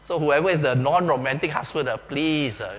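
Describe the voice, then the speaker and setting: A pastor with a Malaysian English accent gives a chatty, joking, conversational sermon, often saying "okay" and "lah." His voice is fairly high, fairly quick and a bit bright, recorded in an echoey large church hall with a faint hum.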